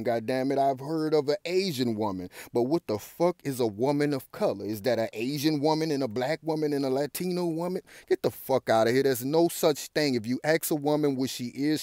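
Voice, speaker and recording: A man's voice: mid-range voice, darkish tone, no echo, studio quality. A man ranting through profane news commentary, talking straight to his viewers and punching his points with repeated curses. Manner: profane, confrontational, addresses viewers directly. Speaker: commentary vlogger.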